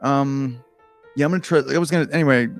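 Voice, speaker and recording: A man's voice: medium pitch, quick pace, gravelly, soft background music. A man reading a choose-your-own-adventure book aloud in a casual, comedic way, with rambling, self-deprecating asides and frequent swearing.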